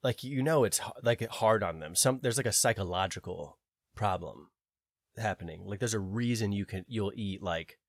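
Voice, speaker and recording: A man's voice: lowish voice, normal speed, no echo. Ranting podcast co-host man. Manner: ranting, animated, swears freely. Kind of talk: casual podcast chat.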